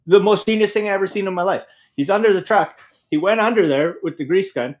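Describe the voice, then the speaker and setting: A man, a podcast guest telling oilfield party stories in an animated, profane way, laughing as he talks. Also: a little high, quick pace. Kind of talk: casual storytelling.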